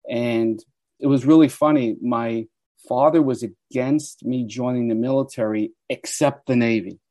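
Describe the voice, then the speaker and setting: A man in his sixties from the United States, a guest telling animated stories in an interview. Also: mid-range voice, measured pace, dry recording. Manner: animated storyteller who acts out quoted voices. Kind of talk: storytelling interview.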